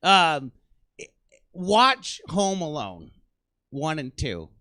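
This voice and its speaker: A man's voice: fairly high pitch, big pitch swings, very slow, pushed and bright. A man doing stand-up comedy in a small theater, ranting in an exasperated, self-deprecating way to a live audience.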